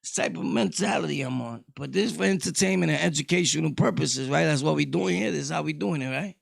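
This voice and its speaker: A middle-aged man with a New York accent, ranting casually to his viewers, loud one moment and low the next. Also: fast, vocal fry, dry recording, clean studio sound. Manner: loud, shifting between shouting and low talk. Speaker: vlogger. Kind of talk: casual rant to camera.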